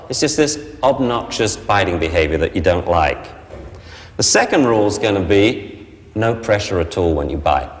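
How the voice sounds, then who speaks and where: A man teaching a puppy training class in a lively, playful way. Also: lowish voice, in a large hall. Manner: lively, playful, acts out dog voices. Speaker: dog trainer.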